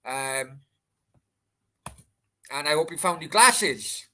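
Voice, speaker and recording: A man's voice: fairly high pitch, expressive, takes it slowly, bright, forceful tone. A man with a Welsh accent hosting a casual late-night livestream Q&A, rambling and swearing freely as he answers chat. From Wales. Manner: rambling, chatty, sweary, many restarts.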